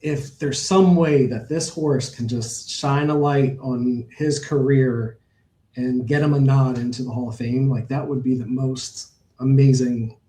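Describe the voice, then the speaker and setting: A man's voice: medium pitch, steady tone, measured pace, warm tone. Rambling man telling stories, roomy sound. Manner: rambling, storytelling with many fillers and restarts. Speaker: horse owner guest. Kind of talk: casual storytelling interview.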